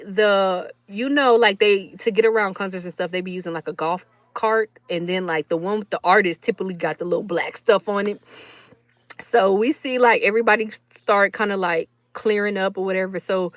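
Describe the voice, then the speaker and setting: A young woman, chatting casually to her viewers and telling an animated story with quick laughs. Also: mid-range voice, no echo. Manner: animated, laughs often, acts out quotes. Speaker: vlogger.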